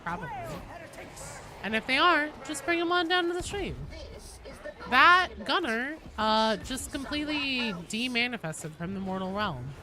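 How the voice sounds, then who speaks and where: A woman host chats through a game stream with a lively, swooping voice, jumping between mumbled asides and loud cursing outbursts. Her mic picks up a clear layer of background noise. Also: on the high side, measured pace. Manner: excitable, swears a lot, jokey. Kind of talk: casual gameplay chat.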